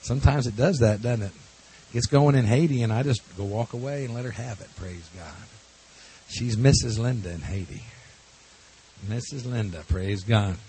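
A man's voice: medium pitch, normal speed, warm tone, slightly rough. A man speaking as a pastor to a congregation, telling stories in a folksy, joking way. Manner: folksy, jokey storytelling with laughs. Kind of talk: church talk to a congregation.

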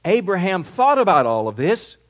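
A male pastor preaching a sermon emphatically, moving between loud declarations and quieter asides. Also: high voice, very animated, normal speed.

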